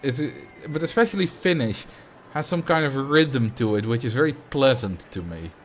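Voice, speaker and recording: A man's voice: mid-range voice, lively intonation, moderate pace, a little hiss or hum. A man with a Dutch accent chatting casually on a livestream while thinking aloud. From Netherlands. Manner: musing, conversational, thinking aloud. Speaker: streamer.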